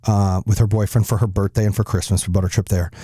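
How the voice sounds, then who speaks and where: Brief: middle-aged male host, mellow tone, dry close sound, profane animated storyteller. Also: on the low side, fast, husky, no echo. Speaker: podcast host. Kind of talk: casual storytelling chat.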